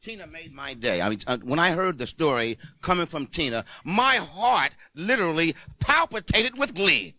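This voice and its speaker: A man guest telling stories in a booming, theatrical way, acting out the scenes he describes. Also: sing-song, normal speed, few pauses, pushed and bright, a little hiss or hum. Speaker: studio guest, school principal. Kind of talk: animated storytelling.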